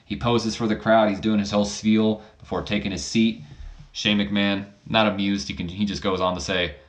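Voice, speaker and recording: A man's voice: on the low side, flat delivery, moderate pace. Male host, casual game commentary, rambling and self-correcting. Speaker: let's play host.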